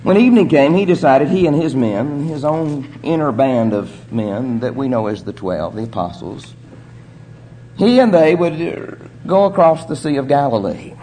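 A man preaching a sermon, telling the story in an earnest way with measured pauses. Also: mid-range voice, lively intonation, warm tone, a little hiss or hum.

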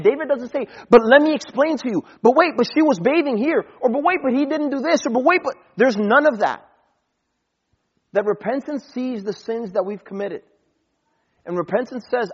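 High, husky-voiced man preaching. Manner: conversational preaching with scripture quotes, acts out dialogue. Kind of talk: sermon. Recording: dull lo-fi recording.

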